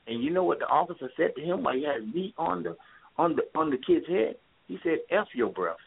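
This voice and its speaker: A man's voice: a little high, fast, creaky, husky. A man calling in to a talk radio show, talking with passion and repeating his points for emphasis. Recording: tinny phone line.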